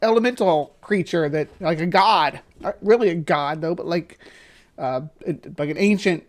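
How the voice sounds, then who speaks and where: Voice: mid-range voice, moderate pace. A livestream host giving casual, rambling commentary on a video, stopping to correct and qualify points.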